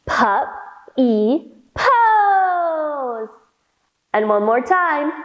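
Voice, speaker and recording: Slow, lively-voiced kids yoga teacher woman. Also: very high voice, lo-fi sound. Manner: slow, cheerful and encouraging, with playful animal sounds. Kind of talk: guided yoga storytime for children.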